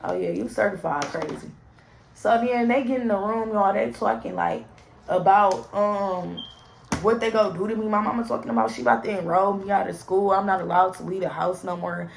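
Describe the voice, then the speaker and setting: A young woman with a creaky, gravelly edge tells a personal story, talking straight to her viewers and swearing freely. She stays in a middle pitch and keeps an animated storytelling delivery. Faint noise sits under the voice. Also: normal speed, low-quality recording. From St. Louis area, USA. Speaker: vlogger. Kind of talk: storytime vlog.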